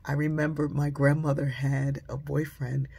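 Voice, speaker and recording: A woman telling a personal story in a conversational way, dropping into a hush when she quotes people. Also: low voice, little pitch movement, moderate pace, vocal fry, slightly rough.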